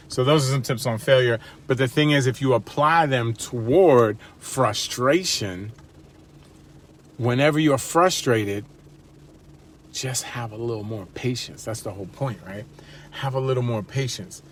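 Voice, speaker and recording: A married father talking casually to his viewers in a relaxed, slangy, chatty motivational vlog. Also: mid-range voice, normal speed. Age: adult with wife and kids. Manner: laid-back, slangy, chatty. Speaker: vlogger. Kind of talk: casual motivational talk to camera.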